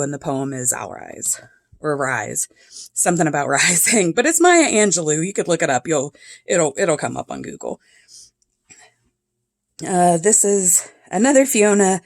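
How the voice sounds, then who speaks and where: Brief: low-pitched woman, casual vlog, reads quotes and chuckles, dry close sound. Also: dry recording. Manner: chatty, laughs often, reads quotes then comments. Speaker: vlogger. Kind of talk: casual journal flip-through, reading quotes aloud. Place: home with cats and dogs.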